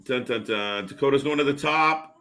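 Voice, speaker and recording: A man co-hosting a live wrestling watch party stream, chatting casually with fillers and quick reactions. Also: mid-range voice, bright, forceful tone.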